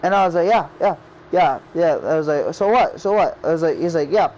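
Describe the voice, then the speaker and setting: Rambling high-voiced guy telling a story. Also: brisk, a little mellow, rough recording. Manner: rambling, repeats "I was like" and quotes friends. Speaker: game creator. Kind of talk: casual storytelling.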